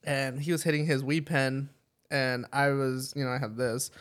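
A man's voice: medium pitch, fairly even intonation, normal speed, fairly bright tone. A young man co-hosting a podcast, telling a story in a rambling way with lots of fillers, swearing and laughter. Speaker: podcast co-host. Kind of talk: casual chat.

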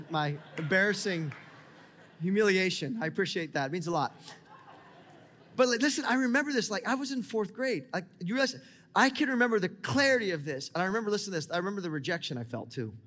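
A man in his thirties, a pastor, preaching a sermon to a congregation in a lively, conversational way, often calling on them to listen. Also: high-pitched, fast talker, a little hiss or hum. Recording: long hall reverb.

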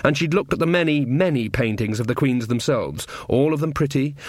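A man reading an audiobook novel aloud in measured, scripted storytelling narration. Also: medium pitch, lively intonation, no echo, studio quality.

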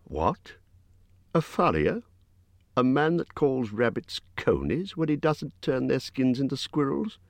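A man's voice: medium pitch, big pitch swings, takes it slowly, vocal fry, no room sound, clean studio sound, pitched above the performer's own voice, heavily acted. A man voicing a small, curious male hobbit with an eager, questioning manner. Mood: puzzled.

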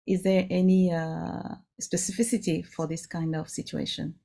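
A woman from Congo who asks a question in a live online Q&A, speaking haltingly with many fillers. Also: on the low side, flat delivery, gravelly, mellow. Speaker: audience member asking a question.

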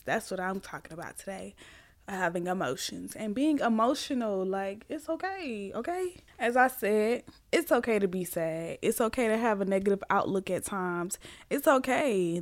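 A woman's voice: on the high side, no echo, clean studio sound. A woman hosting a candid solo podcast, speaking earnestly and emphatically and repeating her points for stress. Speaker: podcast host.

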